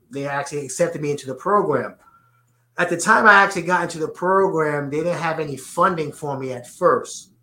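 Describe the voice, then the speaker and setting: A man's voice: fairly high pitch, bright, forceful tone, reverberant. A man with a New York accent, answering interview questions earnestly and often repeating words as he finds his phrasing. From the Bronx, New York. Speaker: guest.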